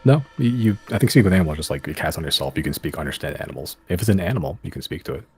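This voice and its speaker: A man narrating a tabletop game as game master, describing scenes in a halting way with many fillers. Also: deep voice, expressive.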